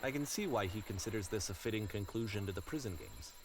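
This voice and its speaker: A man voicing a reflective game narrator, calm and soft-spoken, heard from a distance. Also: on the low side, fast, background noise. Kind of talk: scripted narration.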